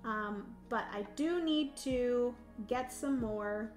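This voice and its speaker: Young woman, board game streamer, casual and giggly, lots of ums, slightly high voice, faint background music. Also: takes it slowly, a little mellow. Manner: chatty and giggly, reads chat aloud, explains rules with many ums. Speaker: livestream host playing a solo board game. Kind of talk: casual livestream chat and rules explanation.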